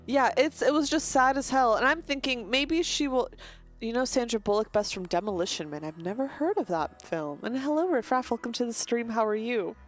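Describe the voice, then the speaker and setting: A woman's voice: a little high, expressive, a little fast. A woman live-streaming a game, chatting casually in a rambling way, swearing freely and breaking off to greet viewers. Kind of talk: casual live-stream chat while gaming.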